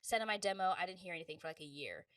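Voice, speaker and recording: A woman guest on a podcast, telling stories from her career in a lively, casual way. She acts out the people she quotes and laughs often. Her mic sounds dry and a little distant. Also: lowish voice, racing, no echo. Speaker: voice actress guest. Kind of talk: casual interview storytelling.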